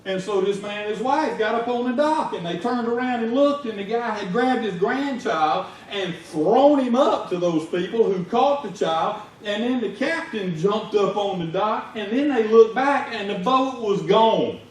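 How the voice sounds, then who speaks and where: A man's voice: high-pitched, animated, measured pace, hardly any pauses. Man, Southern US accent, folksy sermon, distant mic, roomy church echo. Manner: folksy, conversational, rising to shouts in stories. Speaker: lay preacher. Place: church sanctuary. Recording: echoey church heard from far off.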